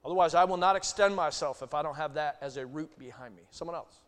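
A male pastor preaching a sermon, swinging from loud bursts to hushed asides. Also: a little high, fast. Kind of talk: sermon teaching. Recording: long hall reverb.

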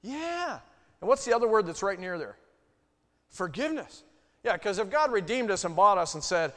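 A male pastor preaching a sermon, swinging from loud bursts to hushed asides. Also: high voice, very animated, normal speed. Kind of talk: sermon teaching. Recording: long hall reverb.

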